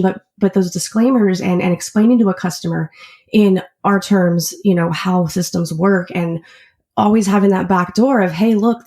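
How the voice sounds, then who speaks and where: A woman's voice: mid-range voice, gravelly, warm tone. A woman who works as an auto shop service advisor, talking earnestly and at length as a podcast guest. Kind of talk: casual interview chat.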